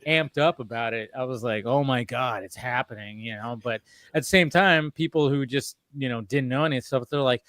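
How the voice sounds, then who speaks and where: A man hosting a casual chat, telling animated stories with frequent laughter and restarts. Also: mid-range voice, normal speed, no echo, studio quality. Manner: animated storyteller, laughs often, many restarts. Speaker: podcast host.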